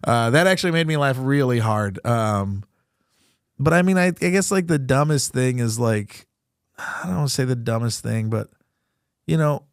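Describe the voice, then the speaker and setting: A man's voice: medium pitch, animated, normal speed, smooth, dry recording, clean studio sound. A young man, a comedian and podcast host, talking candidly and profanely about grief, rambling and laughing through it. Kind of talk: candid casual talk.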